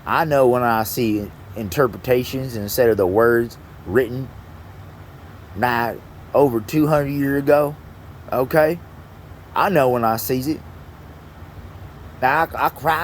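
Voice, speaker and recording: Brief: man in a one-person rant, mid-pitched voice, heavy swearing, halting delivery, faint noise behind. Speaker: vlogger. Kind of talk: angry profane rant.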